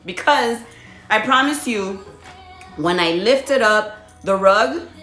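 A woman talking casually on her vlog about her spiritual path, telling stories in an animated way and acting out her own reactions. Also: slow. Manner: animated storytelling, laughs often, acts out her own reactions in a high voice. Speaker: body contouring business owner. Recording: echoey room with faint music.

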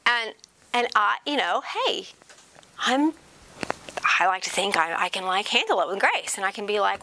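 A woman in her thirties from South Georgia telling personal stories in a lively, chatty lecture to an audience, laughing at her own jokes. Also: medium pitch, a little slow, long pauses, heavy background noise. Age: 30s. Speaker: spiritual speaker. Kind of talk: storytelling lecture.

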